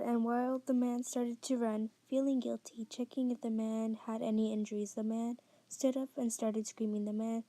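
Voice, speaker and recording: A woman narrating a short-story audiobook in a soft, careful read-aloud manner. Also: on the high side, dry recording.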